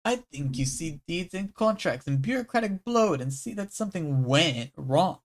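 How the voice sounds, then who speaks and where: A streamer reading a game's dialogue aloud on a live stream, with loud, animated bursts that drop to a low, murmured reading voice. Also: normal speed.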